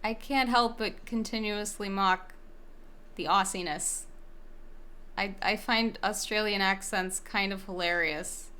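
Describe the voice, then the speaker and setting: A woman's voice: medium pitch, steady tone, unhurried, pushed and bright, clean tone. A young woman streamer giving rambling, swearing commentary while playing a game. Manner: swearing, rambling, self-interrupting. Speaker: let's-play streamer.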